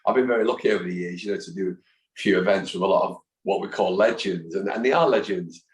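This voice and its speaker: A football fan in his fifties, speaking as an interview guest, tells stories fast and with animation, acting out the voices of people he quotes. His voice is low and deep, and the casual chat is recorded in an echoey room.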